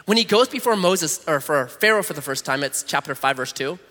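Pastor guy preaching, lively voice all over the place, slightly high, echoey big room. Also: fairly quick. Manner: animated, conversational, jokey asides. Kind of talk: sermon with scripture reading.

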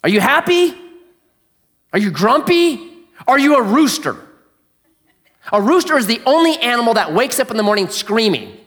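A man preaching a sermon, telling the story with animated questions to the congregation and dropping to a hush to make his points. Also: extremely high pitch, normal speed, pauses often. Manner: animated storyteller, asks the audience questions, drops to a hush for emphasis. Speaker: pastor.

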